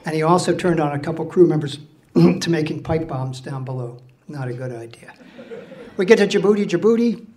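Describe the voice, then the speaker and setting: A man's voice: on the high side, moderate pace, a little mellow. Salty older man telling a sea story. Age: 60s. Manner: salty, blunt, laughs through his own telling, swears. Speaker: storyteller recounting his time as a ship's officer. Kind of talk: live storytelling to an audience. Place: stage at a live storytelling event.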